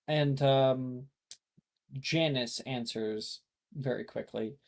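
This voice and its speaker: Slow, halting game master on a call. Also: medium pitch, darkish tone. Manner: unhurried, filler-heavy narration. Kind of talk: narrating a tabletop game. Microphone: video call.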